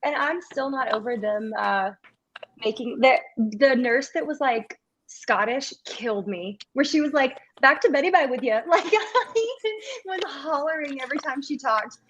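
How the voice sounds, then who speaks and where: A woman's voice: sits high, a little slow, lo-fi sound, slight background noise. A woman chatting casually on a podcast, telling stories animatedly and acting out quotes. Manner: animated storyteller, acts out quotes with laughter. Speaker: podcast guest co-host. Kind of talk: casual chat.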